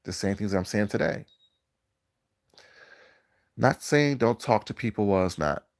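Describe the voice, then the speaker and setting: Groggy low-voiced man preaching on a stream. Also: lively intonation, gravelly. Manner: drawn-out, preachy, greets chat viewers. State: groggy morning voice. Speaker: live-stream host. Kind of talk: casual live-stream commentary.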